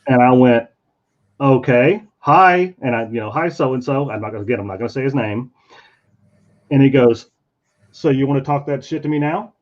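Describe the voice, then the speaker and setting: In dull, lo-fi stream audio, a man tells a convention story at a moderate pace with a medium-pitched voice. He's casually storytelling while drawing, animated and voicing the people he quotes.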